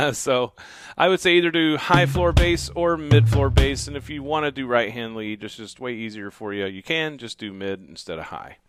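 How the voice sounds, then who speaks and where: A man teaching drums, calling out bass, snare and crash hits as he plays, then explaining in a relaxed, casual way in a drum studio. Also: normal speed, soft background music. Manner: calls out drum parts loudly, then explains in a quieter casual voice. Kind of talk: demonstrating beats while counting aloud. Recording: loud drums over the voice. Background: drum kit playing.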